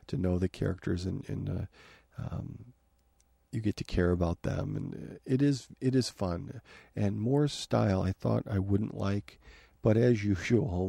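A man's voice: low voice, creaky, warm tone, slightly rough, no echo. A man hosting a podcast from his home office, chatting casually with frequent fillers and restarts. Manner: rambling, many fillers and restarts. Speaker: podcast host. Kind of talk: casual review talk.

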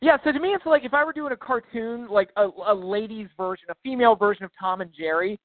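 A man's voice: high voice, fast talker, dry recording. A man co-hosting a casual podcast chat, making dry, sarcastic quips. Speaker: podcast co-host. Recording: dry, tinny phone-like line.

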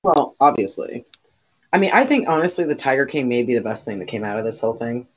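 A woman's voice: a bass voice, fast talker, slightly rough. A woman co-hosting a podcast in casual chat, rambling and swearing freely, with lots of fillers. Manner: rambling, profane, many fillers. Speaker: podcast co-host. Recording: dull lo-fi recording.

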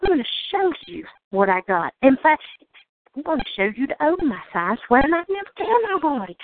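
A woman's voice: high-pitched, big pitch swings, brisk. A woman from Georgia with a Southern accent, delivering an indignant, sarcastic rant and swearing freely. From Georgia, United States. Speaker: host of a call-in show. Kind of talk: angry monologue. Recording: tinny phone line.

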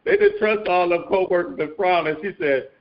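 A man's voice: high voice, huge pitch swings, a little fast, muffled recording. A man hosting a church prayer line, chatty and preacherly, laughing often with callers. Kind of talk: call-in church chat.

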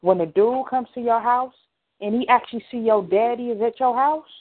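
Speaking at normal speed in a voice on the high side, this radio co-host keeps the chat casual but emphatic. She talks straight to her listeners, and the recording has a thin, phone-like quality.

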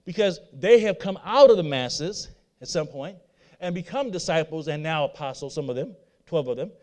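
Man preaching, high voice, repeats himself, rhetorical questions. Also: lively intonation, normal speed, darkish tone. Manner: repetitive, asks the audience rhetorical questions. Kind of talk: sermon.

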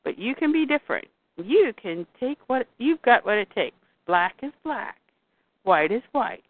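A woman's voice: fairly high pitch, sing-song, a little slow, no echo. A woman reading aloud from a comic, voicing a smug, menacing male vigilante leader. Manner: read aloud from a comic, lightly voiced. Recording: dry, tinny phone-like sound.

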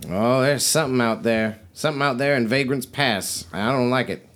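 A man voicing a gruff, folksy woman caravan trader who drawls and grumbles. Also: mid-range voice, normal speed, fairly bright tone, voice pushed up, close to an everyday voice. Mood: wary.

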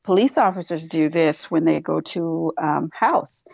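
Woman co-host with a low, gravelly voice, chatty and filler-heavy, on a dry, slightly muffled recording. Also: a little slow, a little mellow, no room sound. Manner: chatty, many fillers, acts out quoted voices. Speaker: podcast co-host. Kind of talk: casual discussion.

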